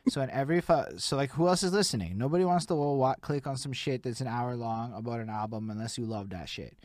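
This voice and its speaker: A man's voice: medium pitch, animated, fast, a little mellow, dry recording, studio quality. Slangy, laid-back young man hosting. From Montreal. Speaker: interview host. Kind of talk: casual interview chat.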